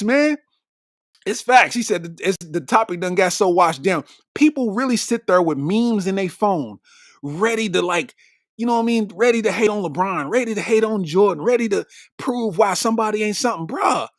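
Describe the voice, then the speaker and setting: High, lively-voiced male comedian. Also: no echo, studio quality. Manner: animated, slangy, laughs at his own jokes. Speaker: comedian podcast host. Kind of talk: comedic monologue.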